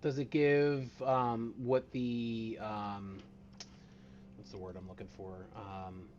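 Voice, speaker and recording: A man's voice: on the low side, little pitch movement, slow, darkish tone. A man running a tabletop horror game as game master, casual and joking, sometimes searching for his words. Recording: dull lo-fi mic with faint hiss.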